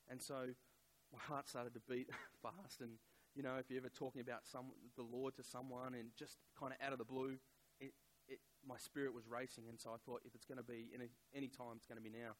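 Halting man preaching. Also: mid-range voice, level tone, rough recording. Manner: conversational, halting with many fillers. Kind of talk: sermon with personal story.

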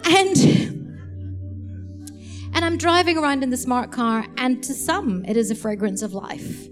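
A woman preaching a sermon, telling lively stories and laughing as she acts out the people in them. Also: high voice, a little slow, faint music behind. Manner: animated, laughing storyteller. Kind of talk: sermon storytelling.

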